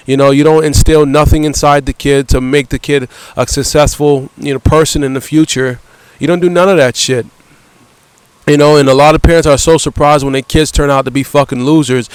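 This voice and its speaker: Profane ranting man, smooth dry voice. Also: medium pitch, steady tone, normal speed, no room sound, rough recording. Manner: profane, repetitive, ends phrases with "bro"; blunt and heated. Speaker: vlogger. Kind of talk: angry rant vlog.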